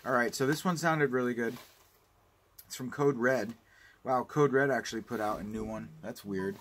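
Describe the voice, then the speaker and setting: A man's voice: medium pitch, moderate pace, a bit bright. Guy vlogging about his disc haul, rambly, swears a lot, gets ranty. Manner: rambling, profane, ranting. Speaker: home video collector vlogger. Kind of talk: casual unboxing review.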